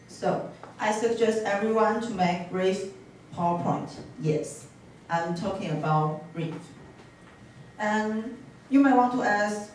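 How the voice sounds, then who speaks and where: A woman's voice: medium pitch, a little mellow, slight background noise. A young woman giving a careful class presentation. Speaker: student presenter. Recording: echoey classroom from far off.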